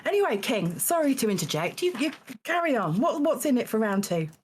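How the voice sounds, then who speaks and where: A woman hosting a live-streamed game show, halting and full of fillers, with dry teasing asides. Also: on the high side, sing-song, a little hiss or hum. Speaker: game show host judging contestants.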